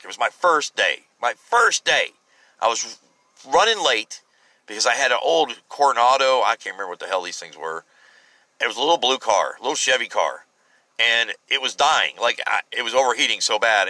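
A man's voice: mid-range voice, bright, forceful tone, dry recording, rough recording. A man telling a personal story in a casual, rambling way, often repeating and restarting his words for emphasis.

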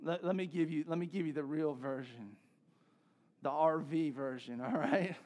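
A man's voice: on the high side, normal speed, darkish tone. A male pastor preaching a sermon in a conversational way, repeating himself and building to emphatic peaks.

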